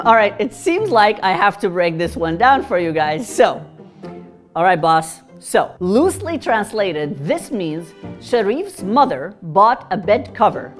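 A woman teaching tongue twisters in a casual, playful lesson, rattling them off fast and then breaking them down word by word. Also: mid-range voice. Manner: playful, chatty, reciting rapid tongue twisters. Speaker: Arabic teacher.

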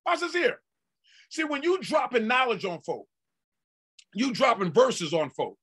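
A male pastor delivering a sermon in folksy, conversational talk that breaks into shouted peaks and drawn-out emphasis. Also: very high voice, big pitch swings, slightly rough.

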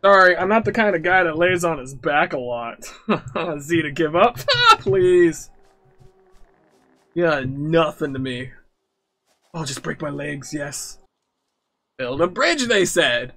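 A young man jokingly commentating his horror game playthrough, nervous and excitable. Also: high voice, slow, long pauses. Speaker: gamer. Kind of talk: let's-play commentary.

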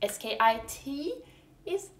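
Swedish woman, frank and slow, roomy. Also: high-pitched, expressive, a bit bright. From Sweden. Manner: frank and swearing, exasperated humor. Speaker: vlogger teaching Swedish pronunciation. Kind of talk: casual video lesson.

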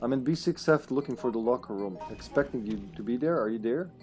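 A man commenting on a live co-op survival game stream, talking casually with plenty of swearing. His voice sits at an ordinary pitch, and he now and then bursts into loud, high laughter. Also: lively intonation, quick pace, faint music behind. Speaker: streamer playing co-op.

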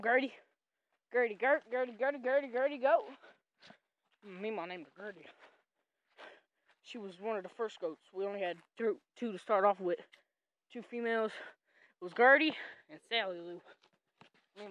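Excitable Southern woman rambling outdoors. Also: mid-range voice, poor audio. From North Carolina, USA. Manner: excitable, rambling, shouts playfully at animals. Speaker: vlogger. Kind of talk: casual walking vlog. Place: outdoors on a family farm.

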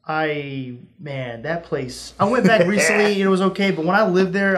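A man's voice: high-pitched, normal speed, hardly any pauses, very noisy. A young man hosting a casual podcast, telling funny stories and acting out his own reactions with sudden jumps in voice. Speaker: podcast host. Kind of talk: casual storytelling chat.

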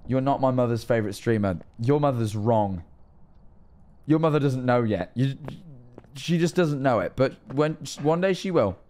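Male streamer, lively up-and-down delivery, teasing banter. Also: mid-range voice, moderate pace. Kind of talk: casual gaming chat.

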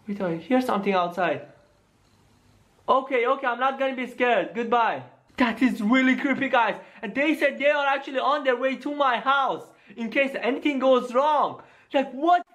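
A man acting out a scripted gaming skit, talking excitedly to his viewers and exclaiming. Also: very high voice, moderate pace, a little hiss or hum. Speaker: gaming comedy YouTuber.

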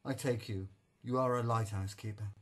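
A man voicing a kind-hearted lighthouse official who asks brisk questions in an audiobook. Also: on the low side, steady tone, close to an everyday voice. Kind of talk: audiobook character reading.

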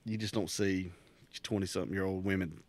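A man's voice: deep voice, fairly even intonation, a little fast, a little mellow, dry recording. A middle-aged man co-hosting a podcast, telling a rambling, crude workplace story in casual chat and laughing often. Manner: crude, joking. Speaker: podcast co-host.

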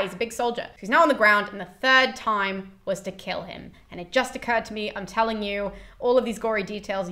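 A woman presenter giving an animated, chatty summary of a classical play, swearing and laughing freely. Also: on the high side. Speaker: YouTube presenter.

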